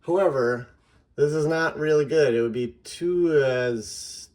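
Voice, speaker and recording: A man patiently explaining a method in an instructional lesson, slowing down to sound out example words. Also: fairly high pitch, darkish tone. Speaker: teacher.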